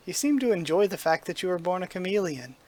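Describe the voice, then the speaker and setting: A man's voice: high voice, expressive, quick pace, darkish tone. A man voicing a bold, free-spirited teenage fox girl from a manga, speaking directly and teasingly. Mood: affectionate.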